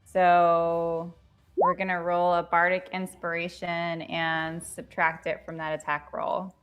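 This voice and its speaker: A woman playing a tabletop game, working out her move slowly and deliberately. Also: fairly low pitch, flat delivery, clean tone, soft background music. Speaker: player.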